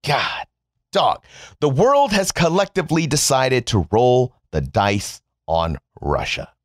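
A man from the United States delivers a biting, sarcastic rant straight to his viewers, swearing freely. His pitch swings widely as he mocks and jabs, and the recording is dry and close, with no room sound. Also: very animated, slow pace, dry recording. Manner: sarcastic, profane, addresses viewers as "folks". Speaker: political commentator. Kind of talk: sarcastic commentary monologue.

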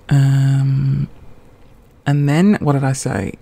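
A woman's voice: a bass voice, normal speed, gravelly, dark tone. A woman, a comedian telling a rambling, self-mocking story on her podcast.

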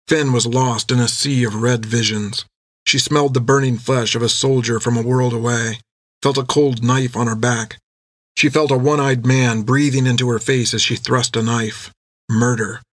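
A man reading an adventure novel aloud in steady, measured scripted narration. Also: medium pitch, no echo. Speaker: audiobook narrator.

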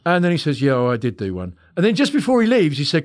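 A man's voice: a little high, huge pitch swings, fast. A man, a hypnotherapist guest on a podcast, telling stories bluntly, swearing freely and acting out both sides of conversations. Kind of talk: animated storytelling in a podcast interview.

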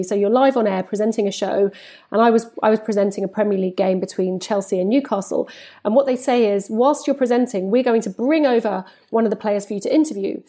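A woman in her forties, a football presenter, telling stories in an animated way in a podcast interview and acting out the dialogue she quotes. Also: a little high. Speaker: football presenter and reporter, guest.

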